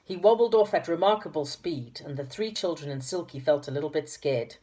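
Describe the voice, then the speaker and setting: A woman with a low, mellow voice reads a children's storybook aloud. She talks to her listeners with affection between chapters. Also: normal speed, hardly any pauses, breathy edge. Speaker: reader of children's stories.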